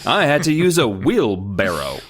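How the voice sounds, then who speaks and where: A man reading an easygoing suburban dad who tosses off wisecracks. His voice is lightly raised, with a lively melody. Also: mid-range voice, unhurried, soft background music. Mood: joking. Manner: breezy, wisecracking.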